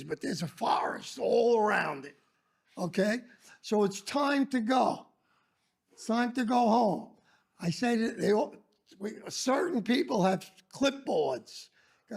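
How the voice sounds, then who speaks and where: An older man tells old school stories in a high, raspy, gravelly voice. His delivery is loud and animated, with a lively, swooping pitch that breaks into shouts. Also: unhurried. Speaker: former teacher. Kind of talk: casual storytelling talk.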